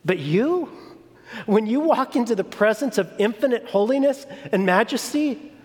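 A man preaching a sermon in a deliberate, emphatic way, repeating phrases for weight. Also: high-pitched, expressive, a little mellow. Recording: long reverb of a large hall.

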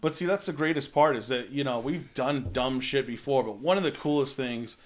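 A man's voice: mid-range voice, brisk. A man telling crude, laughing stories in a casual chat. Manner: animated, laughing, crude storyteller.

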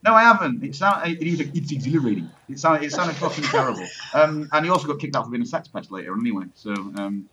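A man's voice: medium pitch, fast, few pauses, lo-fi sound, noisy background. A young man chatting casually, rambling with many ums, restarts and swearing. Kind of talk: casual chat.

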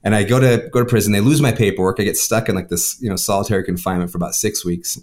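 A man tells his story at a brisk clip, often tagging his sentences with "right?". His voice sits a little low, and he rushes through a personal testimony in conversation. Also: fairly even intonation, darkish tone. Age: adult with a son. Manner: fast storytelling, frequent "right?" tags. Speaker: guest.

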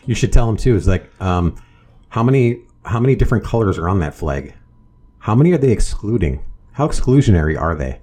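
A man's voice: lowish voice, expressive, a little fast, warm tone, slightly rough. A man co-hosting a casual political chat, talking in a sardonic, rambling way full of restarts.

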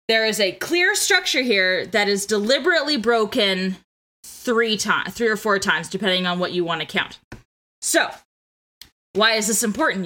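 A woman's voice: medium pitch, sharp tone. A young woman co-hosting a casual podcast, eagerly explaining poetic meter with lots of "like" and restarts. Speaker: podcast co-host. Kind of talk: casual chat with literary analysis.

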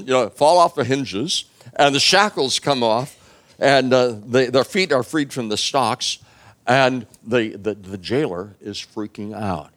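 A man's voice: medium pitch, a little slow, a bit bright. A man preaching a sermon, retelling a story in a casual, humorous way with many fillers.

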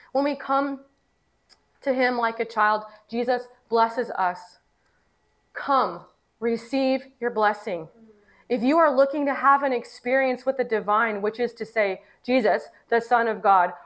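A woman in her thirties gives a heartfelt sermon, her voice sitting a little high. She weaves personal stories into the message with an earnest, emotional delivery. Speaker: pastor.

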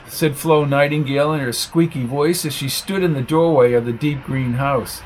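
A man narrating a detective story in an audiobook, reading with lively expression. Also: medium pitch, normal speed, hardly any pauses, a little hiss or hum.

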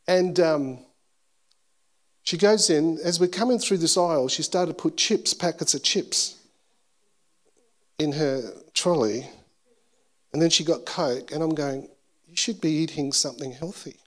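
Man, pastor, sermon, personal storytelling, animated, self-deprecating, slightly high voice. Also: a little slow, pauses often. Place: church service.

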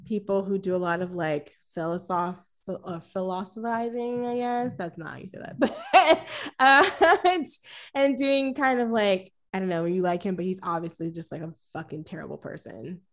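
A woman's voice: mid-range voice, lively intonation, moderate pace. Rambling woman podcast host, laughing often. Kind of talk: casual film-review chat.

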